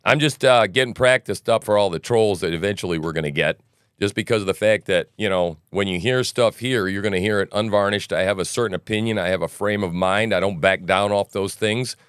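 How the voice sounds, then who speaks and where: A man's voice: on the low side, brisk, a bit bright, clean tone, dry recording, clean studio sound. A male podcast host with a morning voice, rambling through casual livestream news commentary and tossing in "right?" asides and jokes.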